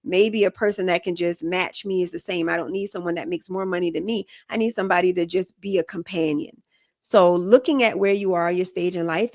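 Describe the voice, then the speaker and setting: A woman's voice: lowish voice, darkish tone, no room sound, clean studio sound. A woman hosting a podcast, giving relationship advice in a frank, casual way and often checking that listeners follow her. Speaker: podcast host.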